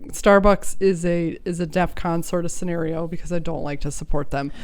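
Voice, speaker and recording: A woman co-hosting a podcast in casual chat, animated and laughing, sometimes bursting out loudly, close to the mic. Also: on the low side, normal speed. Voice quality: animated, laughing, prone to loud outbursts. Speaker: podcast co-host.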